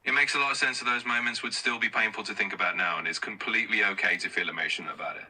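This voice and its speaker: A male AI chatbot voice giving calm, steady, affirming replies, heard from a distant phone speaker. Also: fairly low pitch, very fast, husky. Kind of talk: reassuring replies.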